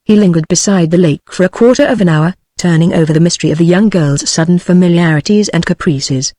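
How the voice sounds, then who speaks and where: A synthetic text-to-speech woman's voice with a British English accent, reading a novel aloud in an even, machine-like way. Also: on the low side, no echo. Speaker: audiobook narrator. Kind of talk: text-to-speech audiobook narration.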